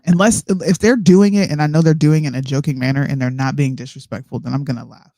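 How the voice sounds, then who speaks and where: A woman's voice: low-pitched, fairly even intonation, fast, mellow, dry recording. A woman co-hosting a casual live-stream chat, bluntly and sarcastically reacting to parenting advice she reads aloud. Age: adult parent. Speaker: co-host. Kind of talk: casual chat, reading from an article.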